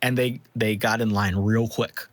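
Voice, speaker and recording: Casting note: male game master, slow deliberate narration, dry close sound. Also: on the low side, fairly even intonation, dry recording. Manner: measured, descriptive, with filler ums.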